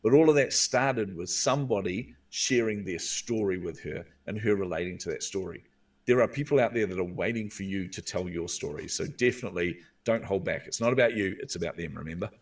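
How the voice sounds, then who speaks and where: New Zealand male guest, earnest storyteller, lowish pitch, mic at some distance. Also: brisk. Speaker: guest, visibility coach. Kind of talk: storytelling in a podcast interview.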